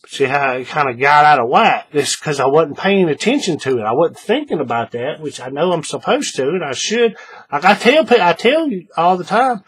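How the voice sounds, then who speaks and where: A man's voice: a little high, sing-song, normal speed, a bit bright, slightly rough. A man hosting a hands-on craft tutorial, chatting in a folksy way to his viewers while he works. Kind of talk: casual hands-on craft demonstration.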